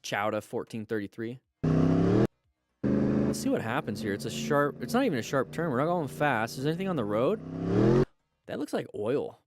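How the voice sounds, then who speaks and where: Man giving lively crash-video commentary. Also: mid-range voice, normal speed, pauses often, very noisy. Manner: lively, exclaiming and coaching. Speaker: host reviewing motorcycle crash videos.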